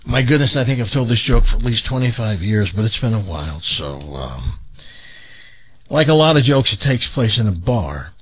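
A middle-aged man hosting a radio show, chatting casually and telling stories in an animated way. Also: normal speed, husky. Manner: animated storyteller, lively pitch. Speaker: radio host. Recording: dull lo-fi radio broadcast.

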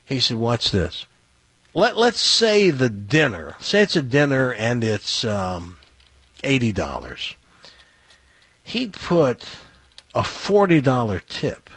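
A man telling a long personal anecdote on a talk show, in an animated storytelling way. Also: mid-range voice, slow, pauses often, husky, no room sound.

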